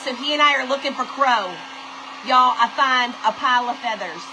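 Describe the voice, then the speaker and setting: A livestream host with a voice that sits high tells a story at a moderate pace against a noisy background. Chatting casually, she reads live comments and greets viewers by name.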